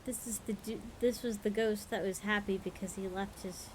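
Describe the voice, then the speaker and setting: A woman's voice: medium pitch, steady tone, normal speed, a little mellow, slight background noise, poor audio. A woman hosting a livestream, reading spooky stories aloud and breaking off for frank, profane chat while she has the hiccups and feels tired. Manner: frank and profane, with laughing asides. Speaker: livestream host.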